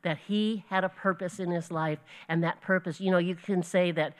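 A woman's voice: on the low side, fairly even intonation, moderate pace, few pauses. A woman teaching a Bible lesson to her group, earnest and storytelling, with small slips she corrects as she goes. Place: church gathering.

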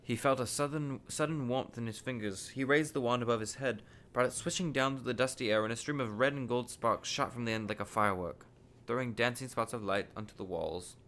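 A man reading a children's novel aloud from a living room, steady and unhurried with the odd stumble. His pitch sits mid-range, and a faint hiss of background noise runs underneath. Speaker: podcast host reading aloud.

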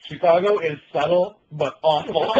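A man's voice: a little high, expressive, slow, lo-fi sound, a little hiss or hum. A young man co-hosting a casual podcast chat from a bedroom, bantering and laughing often. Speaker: podcast co-host.

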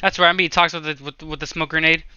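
A young man giving casual gameplay commentary, swearing and yelling at other players, then joking about himself. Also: fairly high pitch, little pitch movement, racing, clear, resonant tone, no room sound, dull audio, soft background music. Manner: loud outbursts, swearing, self-mocking jokes. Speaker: gaming streamer.

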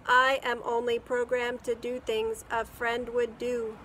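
A woman reading a children's story aloud, voicing a polite talking robot with a calm, even, precise delivery. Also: on the high side, a little slow, a little hiss or hum.

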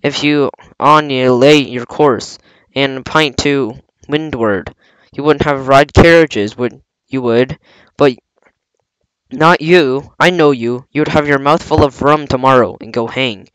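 A man's voice: mid-range voice, takes it slowly, a bit bright, clean tone, no echo, rough recording. A man reading aloud, voicing a scheming older pirate cook with a coaxing, blustering sailor manner. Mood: scornful.

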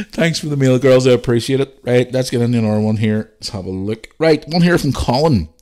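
A man's voice: medium pitch, moderate pace, a little mellow. A man hosting a podcast, chatting casually and bluntly while reading out listener messages. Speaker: podcast host.

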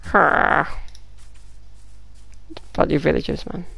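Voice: medium pitch, steady tone, slow, vocal fry, bright, forceful tone. A gaming YouTuber, giving casual gameplay commentary, muttering to themself, swearing and throwing out mock-dramatic taunts.

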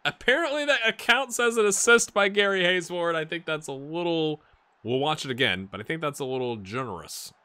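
Man, bright tense voice, casual gaming commentary, amused, excited play-by-play. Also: a little high, a little fast, clear, resonant tone. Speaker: gaming YouTuber.

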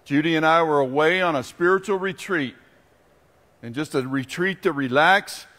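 A pastor preaching a sermon, a man telling stories with animation and then turning quiet and earnest. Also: on the high side, normal speed, in a large hall.

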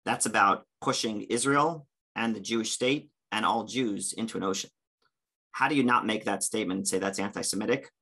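A man's voice: lowish voice, a little fast, bright, forceful tone, husky. A man speaking on a discussion panel, earnest and impassioned, with frequent hesitations and fillers. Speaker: panelist, campus religious director.

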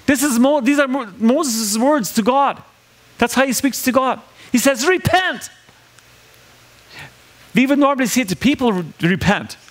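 A man's voice: very high-pitched, moderate pace. A man preaching a sermon in a conversational way, asking the congregation questions and acting out the lines he quotes.

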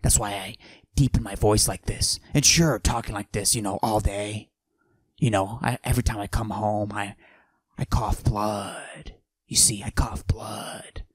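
A man doing a cocky macho character who forces his voice deep and breathy, in a comedic podcast monologue. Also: fairly even intonation, a little slow, no echo. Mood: swaggering. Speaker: podcast host.

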